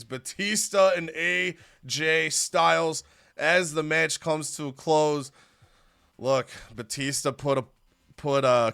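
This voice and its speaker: A young man narrating a wrestling management game as an animated storyteller. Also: mid-range voice, creaky, smooth. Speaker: gaming youtuber. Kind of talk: let's-play storytelling narration.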